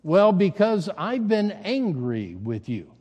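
A man's voice: high voice, very animated, takes it slowly, darkish tone, big-room sound, heavily acted. A pastor quoting an aggrieved churchwoman. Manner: plain retelling with hesitant repeats. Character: aggrieved middle-aged woman churchgoer holding a grudge.

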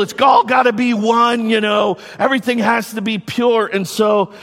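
A middle-aged male pastor preaching a sermon in an animated way, repeating words and adding quick asides. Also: high-pitched, long reverb tail.

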